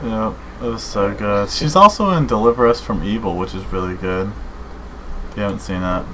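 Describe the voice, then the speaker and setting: A man's voice: on the low side, moderate pace, bright, forceful tone, rough recording. Guy podcasting casually, rambly and hyped, says dude a lot, faint background hiss. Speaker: podcast co-host. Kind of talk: casual chat.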